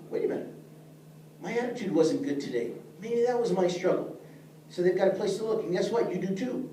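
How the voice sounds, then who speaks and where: Middle-aged guy teaching a class, higher mellow voice, earnest and direct, echoey room, mic kinda far, faint noise. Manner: earnest, plain-spoken, addresses listeners directly. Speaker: leadership teacher. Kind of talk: speaking to a class.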